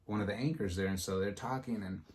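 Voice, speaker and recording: A man hosting a podcast, telling a story in casual chat and acting out the quotes with lively energy. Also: lowish voice, fast talker. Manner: animated, acts out quotes in a storytelling style. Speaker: podcast host.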